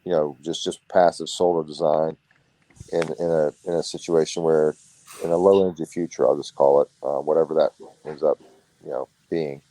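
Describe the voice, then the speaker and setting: A man's voice: very deep voice, fairly even intonation, normal speed, warm tone, rough recording. A man co-hosting a casual podcast chat, talking in a rambling, hesitant way with many restarts.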